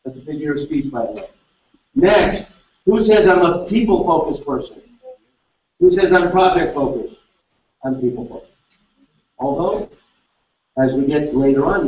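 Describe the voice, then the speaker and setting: A man leading a live seminar, energetically quizzing the audience with quick questions. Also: on the high side, darkish tone. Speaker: seminar speaker. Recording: echoey hall, distant mic, dull sound.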